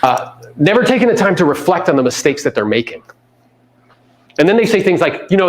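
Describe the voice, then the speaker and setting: A man's voice: fairly high pitch, fast. Man coaching a live room. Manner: animated, acts out people's voices, coarse slang. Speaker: real estate coach. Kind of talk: live seminar talk to an audience.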